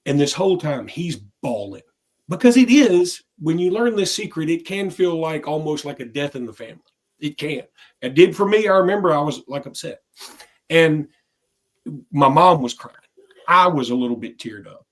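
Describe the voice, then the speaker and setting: A man's voice: fairly high pitch, lively intonation, moderate pace. A man co-hosting a sports podcast, telling a rambling, anecdotal story full of restarts. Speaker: podcast co-host. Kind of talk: casual sports podcast chat.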